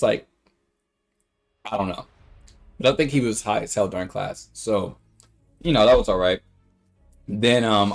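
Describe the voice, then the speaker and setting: A young man on a casual livestream, rambling through a story and acting out the quotes in high voices. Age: young adult.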